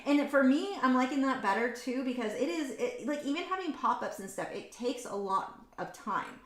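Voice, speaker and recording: A woman's voice: high voice, expressive, moderate pace, fairly bright tone. A woman artist chatting candidly and rambling while she paints live, frank and opinionated, with lots of ums and likes. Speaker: artist hosting a painting livestream. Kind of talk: casual chat while painting. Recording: roomy echo.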